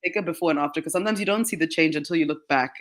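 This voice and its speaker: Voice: medium pitch, very fast, fairly bright tone. A radio guest explaining skincare in a chatty way, with many "like" fillers and frequent laughs. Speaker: guest, skincare brand marketing manager. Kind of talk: radio interview answers. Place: radio studio.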